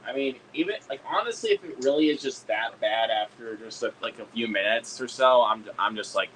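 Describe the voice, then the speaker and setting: A man streaming a casual hangout chat, excitable, swearing a lot and laughing often. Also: medium pitch, brisk, noisy background.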